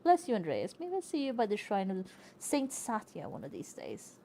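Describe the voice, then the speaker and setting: A woman's voice: medium pitch, huge pitch swings, normal speed, warm tone, a little hiss or hum. A woman voicing a friendly, gossiping nun while reading game dialogue aloud. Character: friendly round nun who gossips about the convent.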